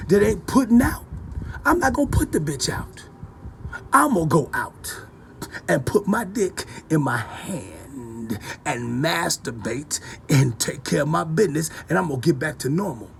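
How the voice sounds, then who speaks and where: A man delivering a loud, rambling, profane rant to camera in a preachy tone, repeating himself as he goes. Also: a little high, sing-song, a little slow, vocal fry, slight background noise. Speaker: vlogger.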